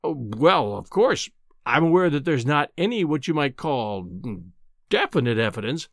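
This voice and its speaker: A man's voice: a little high, sing-song, moderate pace, no room sound, studio quality. A man reading an audiobook, voicing an eager young journalist who speaks humbly and with feigned earnestness. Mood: deferential. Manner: deferential, falsely earnest.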